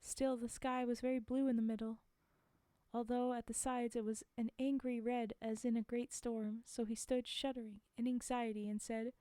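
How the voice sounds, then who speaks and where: A woman's voice: fairly high pitch, level tone, normal speed, warm tone, no echo. A woman reading fairy tales aloud on a live stream, breaking off for chatty, laughing asides to her chat. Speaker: storyteller streamer.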